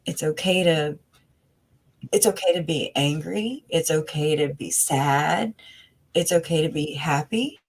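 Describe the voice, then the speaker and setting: A woman with a fairly low voice talks over a video call as an interview guest. She rambles earnestly and emotionally, circling back with fillers and restarts. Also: a little slow, slightly rough, low-quality recording. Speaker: interview guest, family member of the victims. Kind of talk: casual conversational interview.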